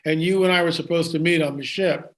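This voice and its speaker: A man doing an eerie, calm hybrid woman. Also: on the high side, brisk, natural voice. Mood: confiding.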